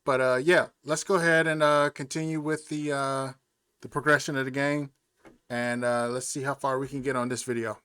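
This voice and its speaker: A man talking through a video game walkthrough in a loose, rambling way. He fills his speech with ums and likes. His voice sits at a middle pitch. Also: level tone, normal speed, pushed and bright, smooth. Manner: laid-back, rambling, full of fillers. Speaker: gaming channel host. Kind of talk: casual gameplay commentary.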